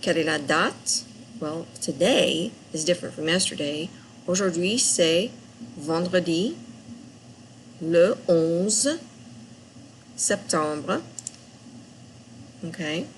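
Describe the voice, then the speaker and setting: A woman French teacher recapping a lesson for students, speaking patiently and repeating phrases clearly. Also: on the low side, takes it slowly, long pauses, slight background noise, rough recording.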